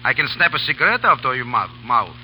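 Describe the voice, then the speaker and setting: Male actor guest, playful and boastful, broken English, bright voice. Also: mid-range voice, big pitch swings, fast talker, a little hiss or hum, poor audio. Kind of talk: 1930s radio banter.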